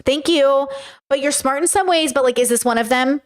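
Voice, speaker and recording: Woman commentator, slightly high voice, candid and rambling, swears casually, addresses viewers directly. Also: moderate pace. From United States. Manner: frank and rambling, swears, talks straight to viewers. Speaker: commentator reacting to a reality show.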